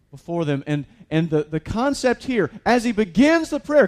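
Pastor, slightly high voice. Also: male voice, darkish tone. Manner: conversational, with frequent fillers and restarts, building to emphatic peaks. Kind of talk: sermon.

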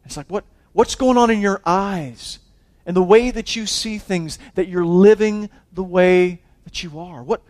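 In an unhurried, high-pitched voice, a man preaches a sermon as a pastor. He alternates loud exhortation with hushed intensity and often backs up to repeat his words.

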